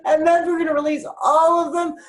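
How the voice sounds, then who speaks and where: A woman speaker guiding a laughter exercise, upbeat, breaking into laughter and cheers. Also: extremely high pitch. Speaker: self-care speaker.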